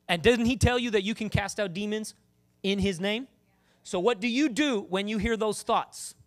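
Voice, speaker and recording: A man delivers a fiery church sermon in a voice pitched a little high. He is emphatic and animated, driving his points home and calling out to the congregation. At times he drops low and slow into prayer. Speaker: preacher.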